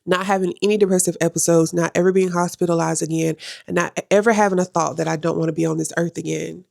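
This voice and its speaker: Expressive woman with a gravelly edge. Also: fairly low pitch, fast, dry recording, studio quality. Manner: expressive, emphatic, repeats phrases for effect. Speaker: vlogger. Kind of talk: casual vlog talking to camera. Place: at home in her room.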